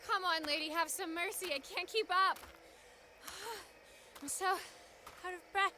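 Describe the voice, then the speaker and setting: A panting, whiny video game character. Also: female voice, extremely high pitch, slow pace, full character voice. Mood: breathless. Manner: pleading, whiny. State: out of breath. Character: whiny out-of-shape woman, panting. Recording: game audio with steady noise.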